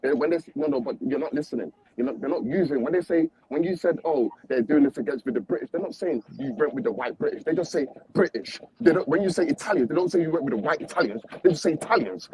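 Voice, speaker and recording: A man's voice: a little high, animated, fast talker, few pauses, a little mellow, poor audio. A man on a panel stream, arguing heatedly and repeating himself. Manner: impassioned, repetitive, confrontational. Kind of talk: heated debate.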